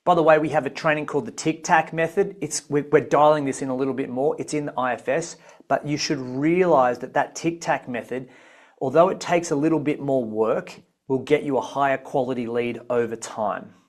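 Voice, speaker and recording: Energetic business coach. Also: male voice, medium pitch, brisk. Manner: energetic, coaching, repeats key points. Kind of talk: live online masterclass.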